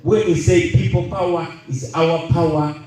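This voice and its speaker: A Ugandan man in his thirties giving a rallying speech to an audience, emphatic and deliberate, leaning on repeated key phrases. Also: on the high side, fairly even intonation, warm tone. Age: 30s. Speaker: political speaker. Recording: echoey room, voice heard from a distance.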